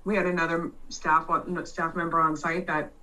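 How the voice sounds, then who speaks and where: A woman in casual chat, loud and blunt, swearing freely and restarting her sentences as she tells a story. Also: low-pitched, little pitch movement, moderate pace, distant mic, background noise.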